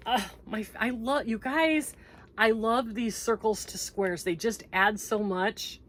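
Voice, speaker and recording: A woman's voice: a little high, takes it slowly, a bit bright, a little hiss or hum. A Canadian-born woman hosting a crochet vlog, chatting in a gushing, upbeat way as she opens packages. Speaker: crochet channel host. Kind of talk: casual vlog chat.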